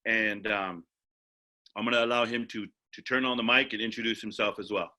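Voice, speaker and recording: Bright-voiced man moderating a webinar. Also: fairly low pitch, brisk. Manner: relaxed, rambling, repeats words. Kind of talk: casual moderating with many fillers.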